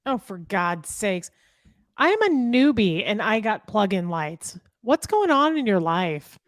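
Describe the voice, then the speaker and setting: A woman's voice: mid-range voice, sing-song, measured pace, no room sound. A woman co-hosting a casual live stream, making dry, teasing remarks and exasperated asides. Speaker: livestream co-host.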